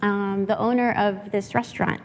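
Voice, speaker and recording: A woman from San Antonio, Texas, speaking at a workshop in a mid-range voice. She tells a personal story from the heart and pauses often with fillers. Her voice carries a long reverb from a lecture hall. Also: mid-range voice, flat delivery, a little hiss or hum.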